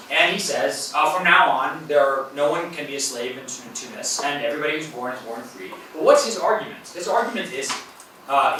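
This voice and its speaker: A man's voice: fairly high pitch, sharp tone. A man, a university professor, giving an academic lecture in a hall in a conversational way, with fillers and self-corrections. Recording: very echoey hall, voice from a distance, faint noise.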